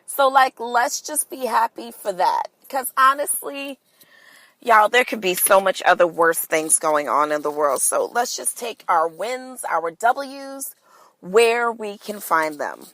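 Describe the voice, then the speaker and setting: A woman's voice: mid-range voice, expressive, takes it slowly, fairly bright tone, dry recording, poor audio. A woman hosting a casual solo podcast, talking straight to her listeners in a candid, sassy and profane way. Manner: playful, talks straight to listeners. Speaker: podcast host.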